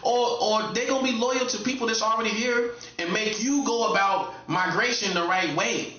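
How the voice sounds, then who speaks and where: High, forceful man lecturing. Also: moderate pace. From North Carolina. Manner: emphatic and repetitive, lecturing the listener directly. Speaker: online commentator. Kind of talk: casual opinion monologue. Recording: roomy, dull lo-fi sound.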